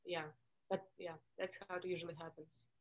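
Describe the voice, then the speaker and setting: A woman from Russia with a Russian accent, chatting as a podcast guest and telling lively stories, often acting out what people said. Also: lowish voice, fairly quick, low-quality recording. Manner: animated storytelling, acting out quoted lines, many likes. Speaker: podcast guest, former wrestler. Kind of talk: casual interview chat.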